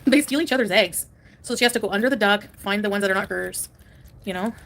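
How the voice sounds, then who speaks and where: A woman's voice: mid-range voice, fast talker, a bit bright. Woman on a live stream at home, rambly and chatty, laughs a lot, bit of background hiss. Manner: rambling, chatty, reacts to chat, laughs often. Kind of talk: casual live-stream chat.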